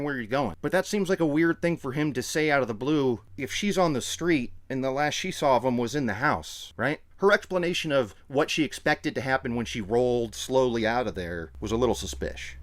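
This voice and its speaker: A man co-hosting a podcast, chatting casually and jokily, breaking into quick impressions. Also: medium pitch. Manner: animated, jokey, does quick impressions. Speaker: podcast co-host. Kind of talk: casual chat.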